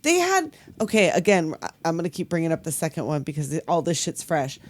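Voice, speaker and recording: A woman's voice: deep voice, sing-song, quick pace. Blunt, profane woman podcaster. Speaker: podcast co-host. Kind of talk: casual chat.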